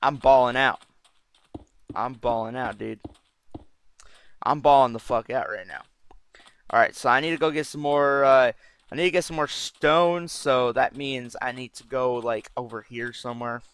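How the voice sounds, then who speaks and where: A man's voice: medium pitch, steady tone, moderate pace, long pauses, fairly bright tone, clear, resonant tone. A man giving casual gameplay commentary as a channel host, brash and profane, rambling as he plays.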